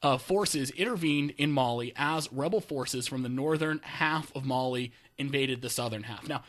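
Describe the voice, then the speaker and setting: A man's voice: mid-range voice, moderate pace, a bit bright. A young man co-hosting a comedic news chat, sarcastic and jokey. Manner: sarcastic, jokey asides with mock voices. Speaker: co-host.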